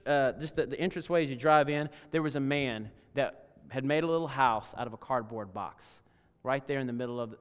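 Pastor preaching in a reverberant hall. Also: male voice, medium pitch, smooth. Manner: storytelling, swinging from loud emphasis to hushed. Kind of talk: sermon. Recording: long reverb of a large hall.

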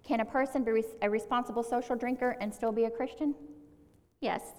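A woman's voice: on the high side, steady tone, darkish tone. Woman preaching in a reverberant hall. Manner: earnest, conversational, stresses words by slowing down. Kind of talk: sermon.

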